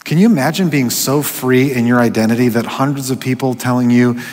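A man preaching a sermon in a conversational way, slowing for emphasis and dropping to a hush at times. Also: medium pitch, a little hiss or hum. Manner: conversational, drops to hushed whispers for quoted voices. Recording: echoey hall with long reverb.

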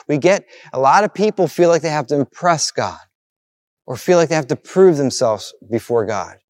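Guy pastor preaching, earnest and repetitive, dry close sound, mid pitch. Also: a little mellow, no echo. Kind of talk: sermon.

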